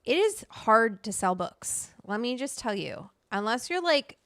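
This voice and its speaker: Gravelly-voiced woman hosting a casual livestream. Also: fairly high pitch, very animated, a little slow, fairly bright tone, no room sound, clean studio sound. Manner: chatty, swears freely, greets viewers by name. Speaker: livestream host.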